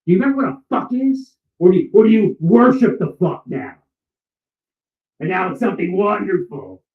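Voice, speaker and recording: A man delivering a furious, profane ranting monologue and often shouting. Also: high voice, expressive, normal speed. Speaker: vlogger. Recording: echoey, distant, dull sound.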